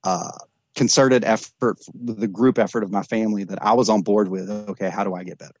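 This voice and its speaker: A man's voice: fairly low pitch, fairly even intonation, fairly quick, a little mellow, no room sound. A man working as an addiction counselor, speaking earnestly and reflectively in a candid podcast conversation, often restarting and repeating words. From East Texas.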